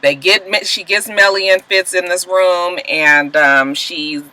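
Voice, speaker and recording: A woman casually recapping TV episodes, telling them in an animated, profane way and acting out bits of the dialogue. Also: lowish voice, takes it slowly, rough recording. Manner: animated, profane storytelling with acted-out quotes. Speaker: TV recap vlogger.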